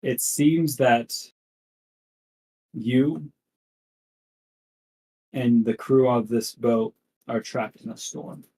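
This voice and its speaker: A male game master narrates a tabletop game at an unhurried, measured pace. His voice sits in a middle pitch, and he builds the scene in careful steps. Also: warm tone, low-quality recording. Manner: slow, deliberate scene-setting.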